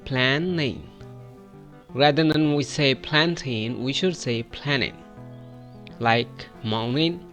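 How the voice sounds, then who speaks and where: A man's voice: medium pitch, fairly bright tone, faint music behind. A man from Pakistan with a Pakistani accent, teaching English pronunciation and stretching out model words for the listener to repeat. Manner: drawn-out model words for repetition. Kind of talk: pronunciation lesson with repeat-after drills.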